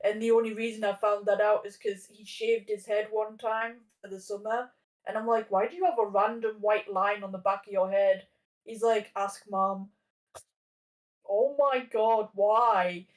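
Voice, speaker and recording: A woman's voice: medium pitch, fairly even intonation, unhurried. A woman in her thirties tells a story in loose, casual chat, piling up fillers and restarting her sentences. She sits a little away from the microphone, so her voice comes across slightly distant. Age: 30s. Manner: rambling, many fillers and restarts. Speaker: podcast guest.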